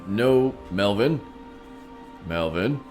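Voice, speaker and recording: Deep-voiced man in playful stream chat. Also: expressive, drawn-out words, a little mellow, soft background music. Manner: playful and theatrical, talks straight to his chat. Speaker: streamer playing a king persona. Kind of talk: casual live-stream chat.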